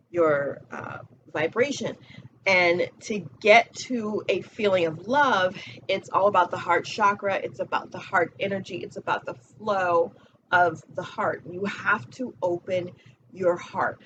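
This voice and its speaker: A woman's voice: fairly low pitch, measured pace, a bit bright, muffled recording, a little hiss or hum. A woman giving a casual motivational talk as a spiritual coach, blunt and profane, repeating her key phrases.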